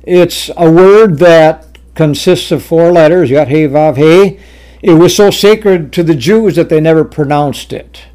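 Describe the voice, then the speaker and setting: A male preacher delivers a teaching sermon, reading scripture aloud and unpacking it point by point. His voice sits slightly high and he takes his time, with fillers and small restarts along the way. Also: unhurried, warm tone.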